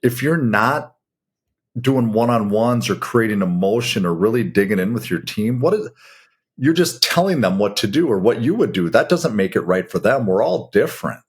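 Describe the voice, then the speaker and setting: A man's voice: fairly low pitch, lively intonation, normal speed, breathy edge. A middle-aged man co-hosting a coaching podcast, talking in a blunt, folksy, conversational way. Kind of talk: casual coaching talk.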